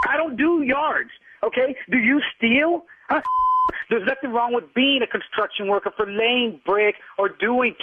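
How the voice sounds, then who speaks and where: A man's voice: very high voice, no room sound. A man arguing indignantly on a phone call, hurling insults and tacking "man" onto his sentences. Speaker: prank call target. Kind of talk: heated phone argument. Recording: husky tinny phone line.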